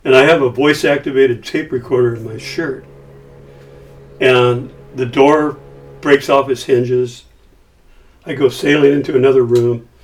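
An older man telling a story as a guest, with lively acting-out of the dialogue he quotes. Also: medium pitch, gravelly, distant mic. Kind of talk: casual storytelling.

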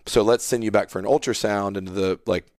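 Speaking quickly in a lowish voice, a pastor in his thirties tells a personal tale as a podcast guest, earnest and animated, playing out each line of dialogue. The studio sound is clean, with no echo.

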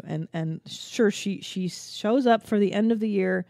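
A woman's voice: mid-range voice, measured pace, gravelly, warm tone, no echo, clean studio sound. A woman in her forties from the Los Angeles area hosting a podcast, rambling in a casual, profane and self-mocking comedic monologue. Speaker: podcast host.

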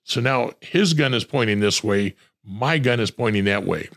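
A man's voice: lowish voice, animated, moderate pace, gravelly, fairly bright tone. An older man, a retired homicide detective telling blunt, profane war stories in an interview. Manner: blunt, profane, acts out quoted voices. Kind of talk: storytelling in a podcast interview.

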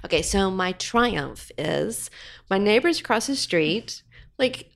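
A woman's voice: medium pitch, expressive, slow pace, creaky. A woman chatting casually as a podcast co-host, telling stories with lots of fillers. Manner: chatty, warm storytelling with frequent fillers. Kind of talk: casual chat.

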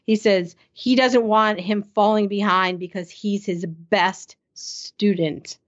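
A woman's voice: medium pitch, steady tone, takes it slowly. A woman co-hosting a casual episode recap, enthusiastic and laughing often. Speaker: podcast co-host. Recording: slightly muffled sound.

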